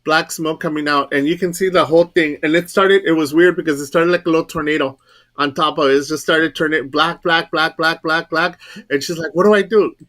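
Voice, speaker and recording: A man's voice: fairly high pitch, fairly even intonation, quick pace, fairly bright tone. A man casually telling a ghost story, rambling and repeating words, acting out quoted dialogue. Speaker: guest storyteller.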